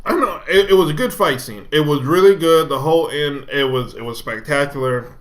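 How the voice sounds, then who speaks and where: A young man co-hosting a podcast, talking in an animated, emphatic way in casual chat. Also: fairly high pitch, fairly quick. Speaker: podcast co-host.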